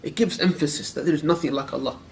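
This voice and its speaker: Fast-talking man teaching a creed class. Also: fairly high pitch, slight background noise. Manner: questions the students directly, repeats phrases for emphasis; recites Arabic verses quickly. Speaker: Islamic teacher. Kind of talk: classroom lecture on a creed text.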